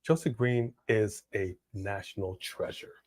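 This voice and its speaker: Excitable man giving live commentary. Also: on the low side, unhurried. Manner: excitable, bursts of loud exclamations. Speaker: co-host of a wrestling watch-along.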